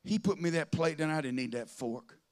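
A man's voice: on the high side, expressive, a little fast, clean tone. A man preaching a sermon, telling folksy stories that rise into fervent preaching.

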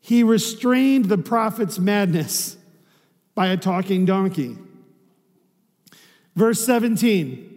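A man's voice: sits high, lively intonation, slow pace, pauses often, a little mellow, long reverb tail. A man preaching a sermon as a pastor, in a conversational way, often asking rhetorical questions.

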